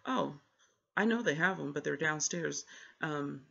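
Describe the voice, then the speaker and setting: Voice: medium pitch, animated, unhurried, gravelly, pushed and bright, slightly rough, lo-fi sound, exaggerated voice. A vlogger doing a laid-back, know-it-all cop. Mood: confident.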